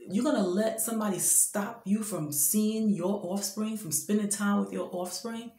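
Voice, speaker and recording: A woman's voice: mid-range voice, moderate pace, dark tone, reverberant. A woman in her fifties giving an impassioned, preachy talk of faith-based advice, speaking emphatically and directly to men. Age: 50s. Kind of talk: impassioned spoken exhortation.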